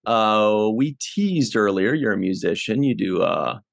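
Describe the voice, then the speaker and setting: A man's voice: fairly low pitch, lively intonation, a little slow, vocal fry, no room sound, clean studio sound. A man hosting a casual podcast, asking questions and teasing his guests. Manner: joking, teasing. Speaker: podcast host.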